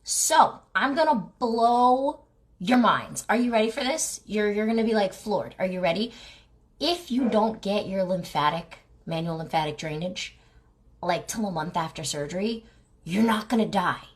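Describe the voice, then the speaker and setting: A woman's voice: medium pitch, lively intonation, moderate pace. A woman who runs a massage clinic, talking casually and with exasperation to her viewers, asking rhetorical questions and saying "like" and "right?" often. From New Jersey, United States. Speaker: clinic owner and lymphatic massage therapist. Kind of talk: casual talking-head advice video.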